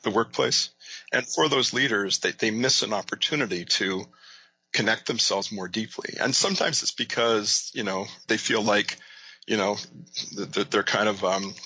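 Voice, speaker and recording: A man's voice: on the low side, moderate pace, sharp tone, breathy edge, no echo, muffled recording. A male guest in an interview, explaining his ideas thoughtfully with lots of "you know" and "right?". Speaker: guest, leadership author and coach. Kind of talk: casual interview talk.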